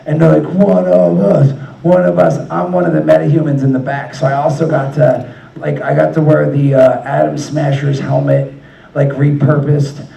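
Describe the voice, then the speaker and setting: A man's voice: fairly high pitch, flat delivery, normal speed, vocal fry, dark tone, lo-fi sound. A man telling loose, profane stories as a guest on a convention panel, laughing often. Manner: rambling, profane, laughing storyteller. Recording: echoey hall, mic from far off.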